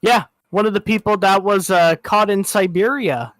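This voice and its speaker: A young man chatting as co-host, making deadpan jokes, swearing often and getting excited. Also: high-pitched, moderate pace, dry recording. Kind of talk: casual chat on a live show.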